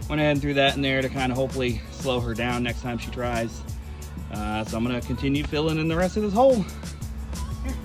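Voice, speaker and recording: A man filming a casual outdoor vlog as a reptile keeper, chatting in a relaxed way and talking fondly to his tortoises. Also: mid-range voice, quick pace, music in the background. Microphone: camera set on ground.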